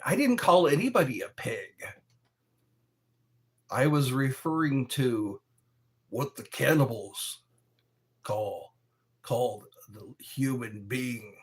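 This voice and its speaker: A man chatting casually on a live stream from his bedroom, rambling and defensive with drawn-out phrases. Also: medium pitch, expressive, slightly rough. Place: bedroom at home.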